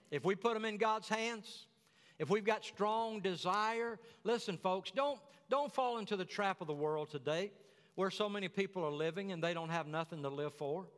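A man's voice: high-pitched, normal speed, a bit bright, big-room sound. A man preaching a sermon, telling the story in a folksy way with chatty asides.

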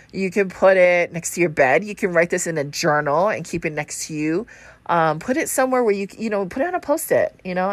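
A woman's voice: deep voice, fairly bright tone, no echo. A woman, congested and short of breath, rambling through a casual astrology chat and swearing freely. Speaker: podcast host.

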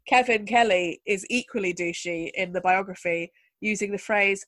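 A woman's voice: medium pitch, brisk, few pauses, a bit bright, dry recording. Woman, podcast host, wry storyteller, dry close recording. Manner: chatty, wry storyteller with asides. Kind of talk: casual chat.

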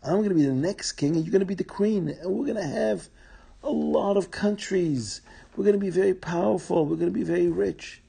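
Brief: ruthless schemer, quick and pressing, dark husky voice, a storyteller's man. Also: mid-range voice. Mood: scheming. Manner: pushy, fast, threatening. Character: scheming power-hungry male viceroy.

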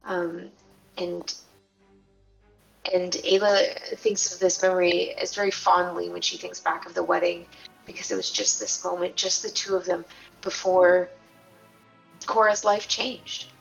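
A woman player narrating her character's memory in a tabletop game, speaking softly and tenderly with pauses. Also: on the low side, little pitch movement, vocal fry, dull audio, faint music behind.

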